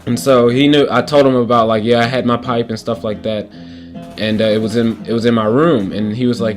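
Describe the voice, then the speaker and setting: A young adult man offers casual game commentary while telling a story over the gameplay, loose and rambling with many restarts and fillers. His mid-range voice is steady and fairly quick, and faint guitar playing sounds in the background.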